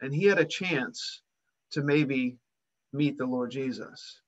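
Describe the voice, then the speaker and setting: A man's voice: medium pitch, slow, dull audio. A man preaching a sermon, retelling a Bible story and acting out its voices with rising emphasis.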